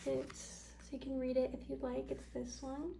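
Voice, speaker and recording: A young woman doing a casual, upbeat tarot card reading, chatty and full of ums and small laughs, with some vocal fry. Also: high voice, flat delivery, moderate pace, warm tone, slight background noise, low-quality recording. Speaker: tarot reader.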